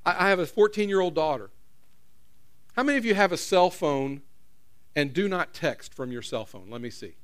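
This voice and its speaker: Middle-aged pastor, high voice, chatty sermon style, talks straight to the pews. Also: male voice, animated, moderate pace, pauses often, clear, resonant tone. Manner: conversational, repeats phrases, questions the audience. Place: church.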